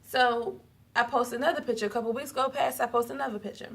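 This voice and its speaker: Young woman, casual storytime vlog, lively and profane, pitched a bit high. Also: gravelly, breathy edge. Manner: animated, profane, quick to laugh. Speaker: vlogger.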